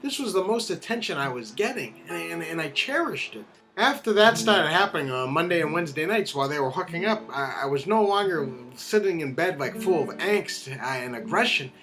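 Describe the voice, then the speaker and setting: A middle-aged man tells a funny story about himself with a high, lively voice. He pokes fun at himself and acts out the people in the story. Guitar music plays clearly under his voice. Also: a little fast. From United States. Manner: animated, self-deprecating, acts out the voices of others. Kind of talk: comic personal storytelling.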